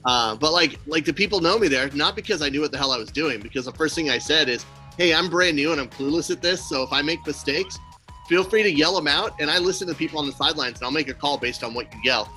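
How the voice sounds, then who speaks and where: A man's voice: fairly high pitch, quick pace, soft background music. A man co-hosting a casual podcast, telling stories with acted-out quotes and blunt, swearing asides. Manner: animated storyteller, acts out quotes. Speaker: podcast co-host. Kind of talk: casual chat.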